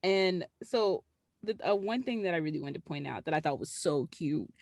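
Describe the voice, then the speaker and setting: A woman's voice: lowish voice, moderate pace, no room sound, studio quality. A woman with a Southern US accent co-hosting a podcast, recapping a show in casual chat and acting out quotes as she tells them. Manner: lively storyteller acting out quotes. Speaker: podcast co-host.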